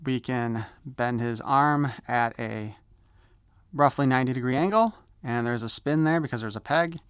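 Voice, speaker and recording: A man's voice: mid-range voice, moderate pace, clear, resonant tone, dry recording, studio quality. A man doing a casual unboxing review of an action figure, rambling and correcting himself as he goes. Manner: rambling, self-correcting, easily sidetracked. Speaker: toy reviewer.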